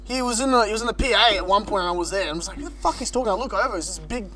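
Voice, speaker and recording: A man, co-hosting a podcast in a relaxed, joking way. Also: sits high, rapid-fire. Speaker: podcast co-host. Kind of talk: casual chat.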